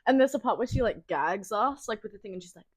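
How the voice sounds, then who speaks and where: A woman's voice: mid-range voice, fast talker, husky, no room sound. Giggly woman telling a wild story. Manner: giggly, swears, animated storytelling. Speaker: podcast co-host. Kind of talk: casual chat.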